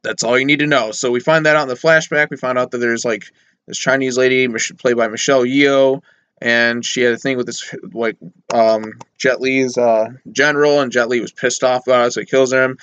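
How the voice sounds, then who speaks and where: In dull audio with no echo, a movie reviewer speaks briskly in a smooth, steady, fairly bright medium-pitched voice. His conversational take on the film wanders through fillers and sarcastic asides, and he mimics characters in mocking voices.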